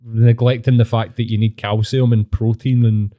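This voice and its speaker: A man with a broad Glaswegian accent chatting on a podcast, swearing freely and slipping into put-on voices as he tells stories. His voice sits mellow and relaxed in tone. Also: mid-range voice, moderate pace. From Scotland. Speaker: podcast host. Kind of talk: casual chat.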